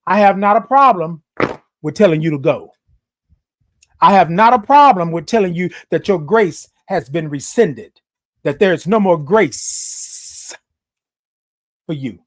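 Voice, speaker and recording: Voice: medium pitch, expressive, measured pace, pauses often. A livestream host talking straight to viewers in a passionate, emphatic way, raising the voice and repeating lines like a sermon. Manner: passionate, emphatic, raises voice, preachy repetitions. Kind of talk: animated live-stream talk to viewers.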